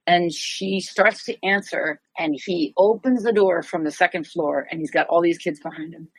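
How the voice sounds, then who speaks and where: Woman in her 60s, interview guest, lively storyteller, lowish voice, dry close sound. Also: moderate pace, hardly any pauses, husky, no echo, low-quality recording. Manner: lively, acts out other people's lines in quoted voices. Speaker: martial arts master, podcast guest.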